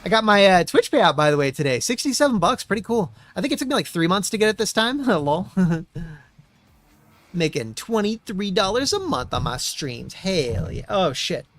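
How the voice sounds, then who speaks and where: A man's voice: high voice, very animated, normal speed, a bit bright. A man streaming a racing game, muttering to himself and swearing often as he chats. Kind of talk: casual gameplay commentary.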